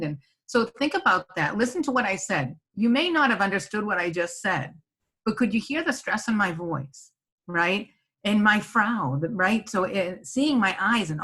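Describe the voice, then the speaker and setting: This middle-aged senior living presenter speaks at normal speed in a medium pitch, expressive and fairly bright, with a breathy edge. She's giving a webinar from her home office, keeping it conversational and tagging her points with "right?"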